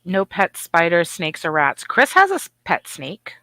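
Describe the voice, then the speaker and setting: Middle-aged woman co-host, bright voice, dry sound, lively and profane. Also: on the low side, a little slow, dry recording. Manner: animated, profane storytelling with voiced asides. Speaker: podcast co-host. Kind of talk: casual chat.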